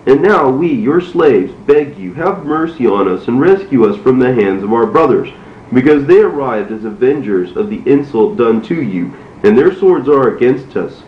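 A man's voice: mid-range voice, expressive, normal speed, close to an everyday voice. A man voicing a band of frightened brothers who plead for mercy, reading a storybook in a fearful, begging way. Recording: roomy, dull, faintly noisy.

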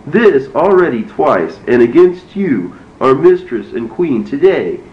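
A man's voice: medium pitch, sing-song, unhurried, recorded from a distance. A man voicing a vengeful warrior brother who insists on punishment, reading a storybook in an indignant, insistent way. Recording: roomy, dull, faintly noisy.

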